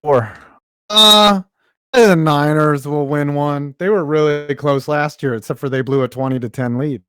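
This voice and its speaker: A man's voice: fairly high pitch, unhurried, fairly bright tone, clear, resonant tone, dry recording. A man co-hosting a podcast in casual chat, joking and riffing with plenty of profanity. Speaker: podcast co-host.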